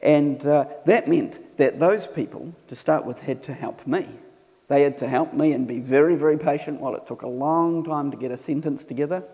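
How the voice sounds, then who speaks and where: A middle-aged man preaches in an easygoing, conversational way, with gentle self-deprecating humour. His voice is warm and mellow and sits a little high. Long reverb from a church hall trails behind him. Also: normal speed. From New Zealand. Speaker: missionary preacher. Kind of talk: sermon.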